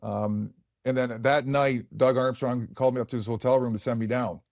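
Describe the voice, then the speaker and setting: His voice is mid-range, gravelly and darkish, at normal speed with fairly even intonation. The speaker, a man in his forties who used to play hockey, rambles frankly through podcast stories full of fillers and curses, recorded at studio quality with no room sound.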